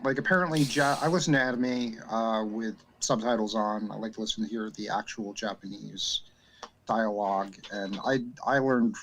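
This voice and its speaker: A man acting as a game master, chatting casually in a halting way, with many fillers and repeated starts. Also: fairly low pitch, fairly even intonation, fairly bright tone, a little hiss or hum. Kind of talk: casual chat.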